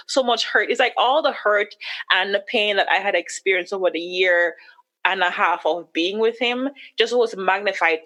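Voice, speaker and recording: A woman guest on a podcast, telling a personal story candidly and acting out her own past words with sharp jumps in pitch.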